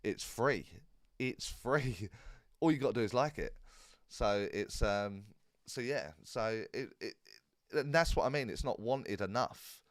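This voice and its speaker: A man hosting a live Q&A stream in a relaxed, rambling way, with many fillers and restarts. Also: on the low side, normal speed, dry recording, studio quality. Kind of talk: casual live-stream chat.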